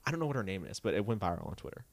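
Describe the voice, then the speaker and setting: A man's voice: on the low side, big pitch swings, rapid-fire, gravelly, dry recording. A young man co-hosting a podcast, chatting animatedly about celebrity gossip and mimicking people in put-on voices. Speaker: podcast co-host. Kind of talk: casual gossip chat.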